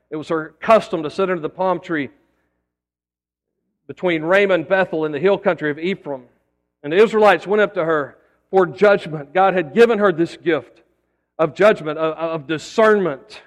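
Preaching man, high voice, church reverb. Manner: storytelling preacher with folksy asides and repeated words. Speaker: pastor. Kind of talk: sermon.

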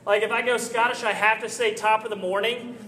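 A man's voice: high-pitched, steady tone, fairly quick, bright, forceful tone. Earnest coaching man in echoey hall. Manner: earnest, coaching, frequent "right?" asides. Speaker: presenter giving training tips. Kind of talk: instructional talk. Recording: echoey hall with slight noise.

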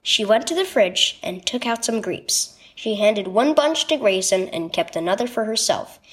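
A woman reading a scripted children's devotional story with expressive storytelling. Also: mid-range voice, moderate pace. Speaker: devotional narrator.

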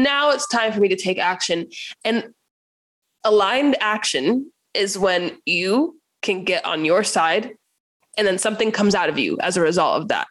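A young woman coaching creatives on a podcast talks in a loose, chatty way. She laughs easily and slips into playful voices for her own thoughts. Her pitch sits in the middle range. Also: moderate pace. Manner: animated, laughs often, acts out inner voices. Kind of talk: casual conversation.

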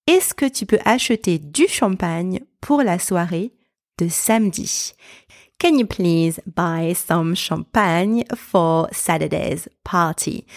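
Lady podcast teacher, slow careful words, dry close sound. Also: fairly low pitch, expressive, no echo. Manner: clear, deliberate enunciation with model sentences. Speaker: French pronunciation teacher, podcast host. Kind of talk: slow, careful pronunciation lesson.

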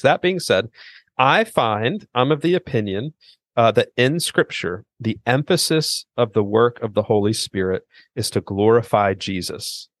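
A man's voice: mid-range voice, dry recording, clean studio sound. A middle-aged man, a seminary president and author, earnestly explaining theology as a podcast guest, with frequent restarts. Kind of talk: theological interview conversation.

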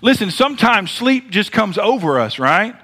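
A Southern American man delivers a sermon from the pulpit, and his voice sits high and bright. He preaches with dramatic pauses, sometimes dropping to a near murmur and then rising again. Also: very animated. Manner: preaching with dramatic pauses and wide swings in loudness. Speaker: pastor.

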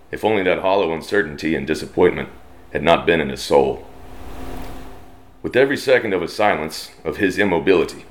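Deep-voiced Texan man reading a western. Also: a bit bright. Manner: slow, drawling twang, puts on brief voices for characters. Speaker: storyteller. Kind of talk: reading a western story aloud.

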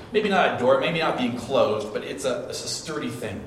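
Pastor's echoing sermon voice from afar. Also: male voice, medium pitch, lively intonation, normal speed. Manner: conversational storytelling with frequent restarts and repeated phrases. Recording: echoey hall recording from a distance with faint noise.

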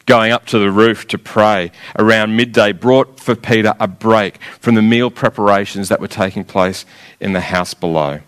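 A man preaching a sermon, retelling a scripture story in a measured, emphatic way with rhetorical pauses. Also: fairly low pitch, steady tone, a bit bright, clear, resonant tone.

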